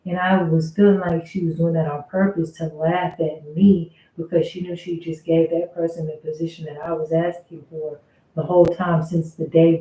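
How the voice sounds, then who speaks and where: A woman telling a casual storytime about her workplace, venting in an aggrieved, conversational way with some swearing. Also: on the low side. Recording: roomy, phone-like thin sound.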